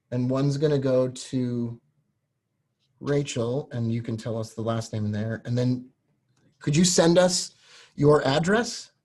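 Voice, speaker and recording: A man hosting a live stream, pitching a course with earnest, emotional directness to viewers. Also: darkish tone. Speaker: host selling a trading course.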